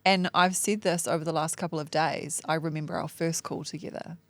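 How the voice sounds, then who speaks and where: Frank, gravelly-voiced woman opening up. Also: sits low, fairly even intonation, brisk, dry recording. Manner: frank and self-deprecating, swears casually, laughs often. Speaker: coaching client, mom and entrepreneur. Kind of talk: candid podcast coaching conversation.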